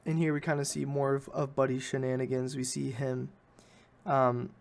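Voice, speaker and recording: A man's voice: medium pitch, little pitch movement, moderate pace, vocal fry. A man hosting a podcast, recapping a film in a rambling, casual way and often correcting himself. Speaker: podcast host.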